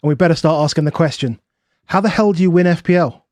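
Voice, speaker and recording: A man's voice: a little high, fast, music in the background. A man hosting a podcast, bantering in a friendly, jokey way. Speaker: podcast host. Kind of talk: casual podcast chat.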